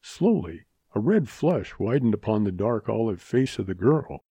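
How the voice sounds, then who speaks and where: A man reads a western tale aloud at an even, measured pace, bringing color to the scenes. His voice is dark and husky, recorded close and dry with no room sound. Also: fairly low pitch, no room sound. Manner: measured, expressive. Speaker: narrator. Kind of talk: audiobook story reading.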